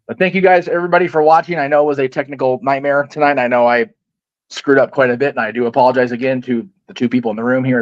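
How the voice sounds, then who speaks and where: A man's voice: mid-range voice, no room sound, muffled recording. A man hosting a casual wrestling talk show, rambling and self-deprecating as he wraps up. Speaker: podcast host. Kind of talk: casual chat.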